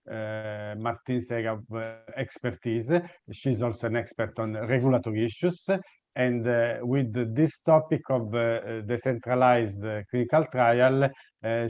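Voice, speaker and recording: A man's voice: mid-range voice, darkish tone. A man moderates an online panel, stumbling through repeated words and apologizing often. His voice sits in a middle range. The sound is dull and lo-fi, as on a video call. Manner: apologetic, hesitant, stumbling repetitions.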